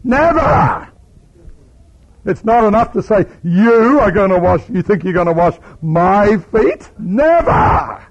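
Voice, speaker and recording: A man preaching acts out an impetuous, indignant apostle who protests in loud, incredulous outbursts. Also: sits high, fairly even intonation, fast, few pauses, breathy edge, voice pushed up. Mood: emphatic. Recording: dull lo-fi recording.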